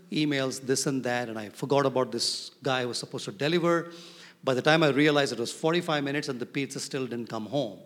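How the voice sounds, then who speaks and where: A man preaching a sermon as pastor, animated and often asking his congregation questions. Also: mid-range voice. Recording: reverberant hall.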